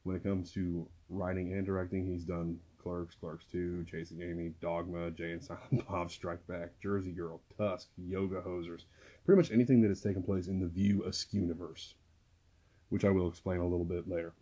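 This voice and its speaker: A man hosting a movie podcast, speaking quietly and carefully close to the mic at home, his voice worn from a recent illness. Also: low voice, level tone, normal speed, breathy edge, highs cut off. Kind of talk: casual podcast talk. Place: small home recording room. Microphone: close to the microphone.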